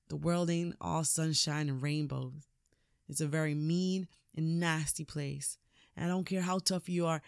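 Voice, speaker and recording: A woman's voice: on the low side, darkish tone, dry recording. Woman putting on tough fatherly boxer, earnest, plainspoken, dry close sound. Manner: earnest, fatherly, rough street speech.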